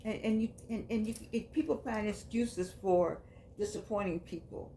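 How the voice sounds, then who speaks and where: A woman's voice: medium pitch, moderate pace, slight background noise. Chatty woman reading aloud and riffing. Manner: reads passages aloud, then riffs on them conversationally; grows quiet and subdued. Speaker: vlogger reading and commenting on a book. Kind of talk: casual reading and commentary.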